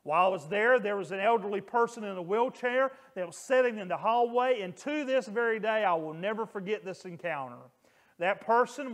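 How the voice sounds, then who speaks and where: Male pastor, middle-aged, higher voice, earnest sermon storyteller. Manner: earnest, emphatic, raises voice on quoted screams.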